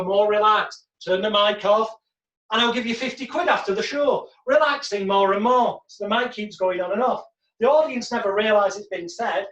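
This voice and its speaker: A man teaching hypnosis in a casual monologue, telling stories and acting out what people said. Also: high voice. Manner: lively storyteller who acts out quotes. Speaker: hypnosis trainer. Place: home room in front of a backdrop. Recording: roomy, distant, dull sound.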